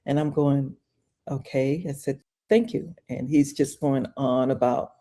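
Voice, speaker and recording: An older woman, a podcast guest, telling an animated story and acting out both sides of a phone call. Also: rumbling low, creaky. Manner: acts out the phone call, shrieks repeated exclamations.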